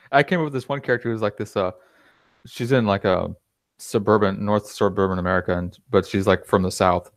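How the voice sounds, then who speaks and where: A man hosting a casual interview chat, chatty and rambling, quick to laugh. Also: lowish voice, no room sound, studio quality. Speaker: podcast host.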